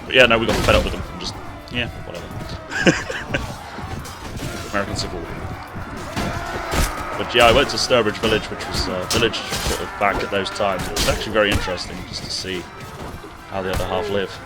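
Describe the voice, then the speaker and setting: A rambling man with a low voice, hoarse from a sore throat, talks casually to his viewers while he plays. Music runs clearly underneath. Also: steady tone, fairly quick, long pauses. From England. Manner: chatty, rambling, talks to chat while playing. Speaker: game streamer. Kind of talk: casual live-stream gaming commentary. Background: background music.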